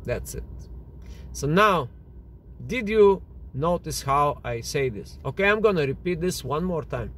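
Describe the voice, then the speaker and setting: A man's voice: fairly high pitch, expressive, measured pace, fairly bright tone, slight background noise. A man coaching on dating and social tactics, explaining each point with examples. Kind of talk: instructional monologue.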